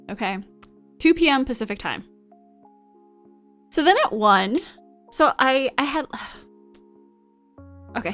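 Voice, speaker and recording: A woman's voice: a little high, a bit bright. A woman live streamer chatting casually with her viewers in a bubbly, rambling way, thanking people in chat.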